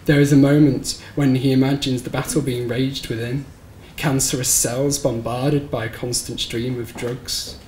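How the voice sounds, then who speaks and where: A man's voice: medium pitch, little pitch movement, normal speed, few pauses, a little mellow. Man reading a story in a roomy bookshop. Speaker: author reading his short story. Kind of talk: live reading of literary fiction. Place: bookshop event space, live audience. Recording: roomy live recording with faint background noise.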